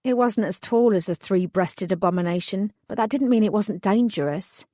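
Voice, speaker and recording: A woman's voice: medium pitch, moderate pace, dark tone, no room sound, studio quality. Composed woman narrating a fantasy audiobook. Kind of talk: first-person fantasy narration.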